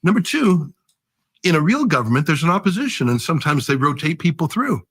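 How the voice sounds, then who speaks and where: Husky-voiced guy in an interview, lively pitch, counting off his points. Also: fairly quick. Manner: emphatic, lists points. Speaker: interview guest, media commentator. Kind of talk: interview conversation.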